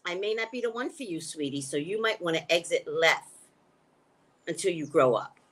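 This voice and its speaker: Animated woman chatting on a livestream. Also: lowish voice, normal speed. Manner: animated, chatty, talks back to viewer comments. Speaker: livestream host and psychic reader. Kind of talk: casual livestream chat with viewers.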